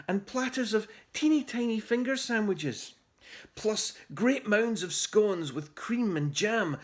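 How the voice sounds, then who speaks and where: A man reading his children's book aloud in an animated, theatrical way. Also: high-pitched.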